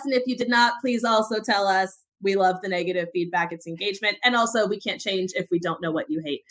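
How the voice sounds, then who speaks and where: A young woman co-hosting a podcast, talking in an animated, emphatic way as she rants about security advice. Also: mid-range voice, fast, hardly any pauses. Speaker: podcast co-host. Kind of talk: casual podcast chat.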